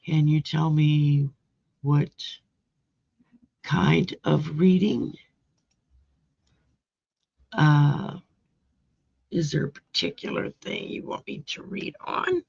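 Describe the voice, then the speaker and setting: Drawing and reading oracle cards live, a woman talks with her viewers by name and laughs easily. Her deep, darkish, slightly rough voice carries fairly even intonation, drawn-out words, vocal fry and long pauses, all through dull lo-fi audio.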